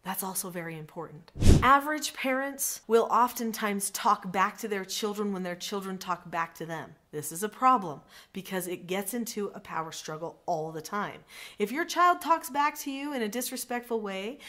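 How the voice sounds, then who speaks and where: A woman's voice: medium pitch, moderate pace, bright, forceful tone. A middle-aged woman coaching parents in a direct-to-camera lesson, earnest and instructive, repeating her key points.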